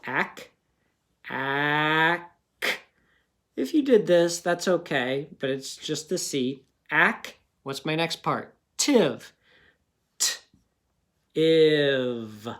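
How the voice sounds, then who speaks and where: A man teaching a phonics lesson to young pupils, sounding out words slowly and asking patient questions. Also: on the high side, expressive, a bit bright.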